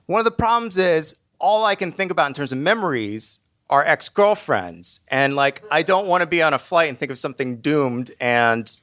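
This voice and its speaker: A man telling a comic personal story on stage, lively and self-mocking. His voice sits a little high and rings bright and sharp, and he plays his own fears for laughs. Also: moderate pace, hardly any pauses.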